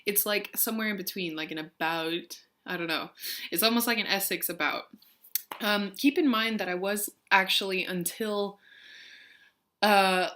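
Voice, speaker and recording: A young female vlogger with a lowish, sharp voice reads out a word list and a poem. She then chats casually, laughing often and saying "um" a lot.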